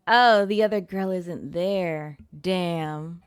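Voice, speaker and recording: Young woman streaming a game, low voice, casual, cusses a lot, dry sound. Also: steady tone, slow pace, few pauses, clean tone, dry recording. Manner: chatty, swearing, laughing at her own struggles. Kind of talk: casual gameplay commentary. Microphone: streaming mic.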